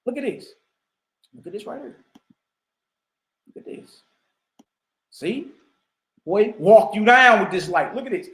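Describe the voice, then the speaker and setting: A man's voice: sits high, lively intonation, measured pace, pauses often, fairly bright tone, reverberant, low-quality recording. A man teaching spirituality in an emphatic preaching style, full of slang and asides to his listeners. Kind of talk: preaching commentary.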